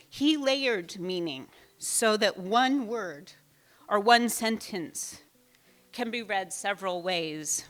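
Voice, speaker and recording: A woman reads a prepared memorial tribute in an earnest, measured way, close to tears. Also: mid-range voice, pushed and bright. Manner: earnest, emotional, measured delivery. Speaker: reader giving a tribute at a memorial. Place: bookstore event space with an audience. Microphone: handheld mic at a live event.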